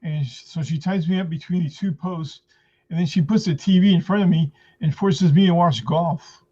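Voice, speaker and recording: A man doing stand-up jokes over a video call, halting with many fillers, clearing his throat and giggling at his own lines. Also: a little high, dark tone. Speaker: stand-up comedian. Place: at home in front of a green screen. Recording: muffled lo-fi video call audio.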